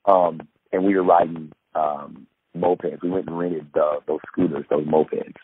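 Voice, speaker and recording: A man, a former pro basketball player, telling rambling, animated stories in a podcast interview, full of restarts and acted-out quotes. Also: very deep voice, moderate pace. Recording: tinny phone-line sound, faint hiss.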